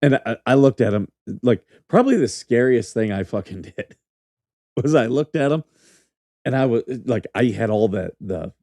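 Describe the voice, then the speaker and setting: Here the ex-military podcast host, a middle-aged man, sounds medium-pitched with a slightly dark tone and lively intonation at a normal speed. He laughs through meandering, swear-laden stories in an easygoing chat. The audio is dry and studio quality.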